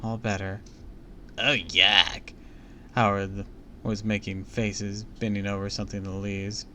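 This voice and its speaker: A man's voice: lowish voice, little pitch movement, moderate pace, slight background noise. A man streaming a live read-aloud of a book, breaking off into casual comments and jokes. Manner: chatty, comments and jokes between passages.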